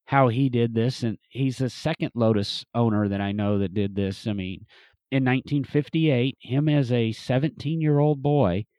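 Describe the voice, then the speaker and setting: A man's voice: mid-range voice, darkish tone, no room sound. A man telling a long casual story about a car restoration, rambling with frequent restarts and fillers. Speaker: museum restoration specialist, podcast guest or host.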